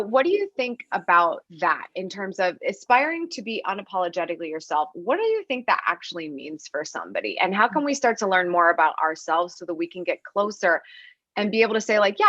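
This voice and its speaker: A woman's voice: fairly low pitch, very animated, fast, a bit bright, no echo, muffled recording. A woman hosting a podcast interview, talking in a chatty, rambling way with fillers and restarts. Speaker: podcast host. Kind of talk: casual interview chat.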